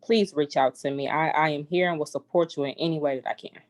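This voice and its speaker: A woman educator speaks as a guest on a podcast. She encourages the host warmly and gets emotional, often repeating her words, and her voice sits a little low. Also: steady tone, fast talker. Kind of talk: casual interview conversation.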